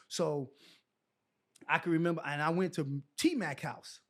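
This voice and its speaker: A middle-aged man from New York, a podcast guest and former pro basketball player, telling colloquial stories with animated dialogue. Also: a little high, a little slow, pauses often. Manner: colloquial, animated storyteller who acts out dialogue. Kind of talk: casual storytelling interview.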